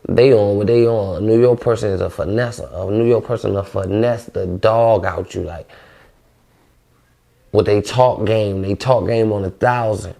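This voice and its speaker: Low gravelly-voiced young D.C.-man. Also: fairly even intonation, moderate pace, dark tone. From Washington D.C. area. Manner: loose, rambling, heavy on slang. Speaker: vlogger. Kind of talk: casual monologue.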